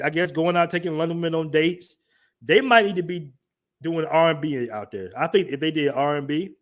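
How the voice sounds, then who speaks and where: A man's voice: a little high, fairly bright tone. A man hosting a casual livestream, reading chat comments aloud and laughing through his commentary. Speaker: livestream host.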